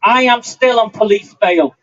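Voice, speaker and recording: A man's voice: sits high, a little slow, fairly bright tone. A man, giving an angry, defiant speech at an outdoor demonstration. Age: 50s. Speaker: rally speaker. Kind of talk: impassioned outdoor rally speech. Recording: muffled lo-fi outdoor recording.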